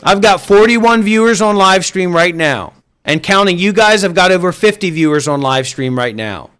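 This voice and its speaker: A man's voice: high-pitched, lively intonation, moderate pace, fairly bright tone, smooth. A man hosting an online voice chat and livestream, scolding listeners with profanity and repetition. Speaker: voice chat host and streamer. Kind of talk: livestream rant.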